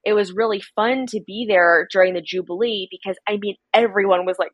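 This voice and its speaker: A young woman from America, a podcast guest, telling stories in casual chat and acting out quotes in animated voices. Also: mid-range voice, fast talker, few pauses, breathy edge, no room sound. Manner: chatty storyteller, acts out quotes in animated voices.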